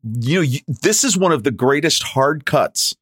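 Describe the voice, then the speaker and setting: A man's voice: on the high side, expressive, measured pace, fairly bright tone, slightly rough, dry recording, clean studio sound. A man co-hosting a casual movie commentary chat, eagerly describing and painting scenes. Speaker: podcast co-host.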